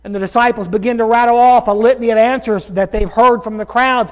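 A man's voice: very high-pitched, fairly even intonation, muffled recording. A male pastor preaching a sermon, calling his listeners folks and stretching out key words for emphasis. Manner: emphatic preaching with slow drawn-out stresses.

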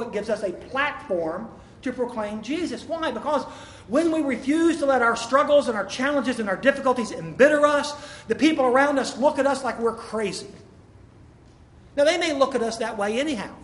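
High-voiced preacher in an echoey hall. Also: male voice, fairly quick. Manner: emphatic, with rhetorical questions. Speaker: pastor. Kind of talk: sermon. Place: church sanctuary. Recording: echoey hall, faint room ambience.

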